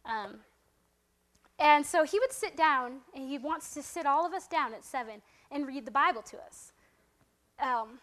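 A young woman casually telling a personal faith story to a group, acting out what people said with lively, laughing asides. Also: high voice, measured pace. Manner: animated, acts out quotes in a raised voice, laughs often. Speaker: speaker sharing a testimony.

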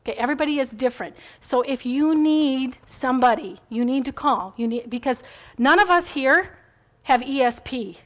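A woman's voice: high-pitched, normal speed. Chatty woman teaching a church group. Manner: chatty, rambling, encouraging, with asides. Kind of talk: casual faith talk to a group.

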